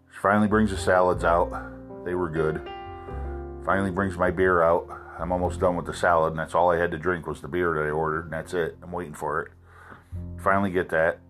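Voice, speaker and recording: A man's voice: sits low, fairly bright tone. A man telling a story about bad restaurant service as a blunt, profanity-filled complaint, exasperated throughout.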